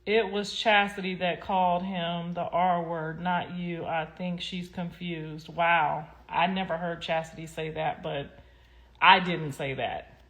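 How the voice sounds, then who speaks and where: Her voice is fairly low yet fairly bright, steady in tone and slow. A young adult woman hosting a casual stream, she speaks directly to viewers with sassy bluntness, rambling and swearing a lot.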